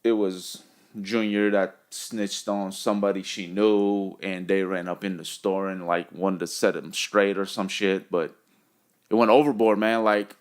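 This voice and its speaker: Man podcast co-host, slightly low voice, easygoing storyteller. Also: measured pace, clear, resonant tone. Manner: relaxed storyteller, says "man" a lot. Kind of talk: casual chat.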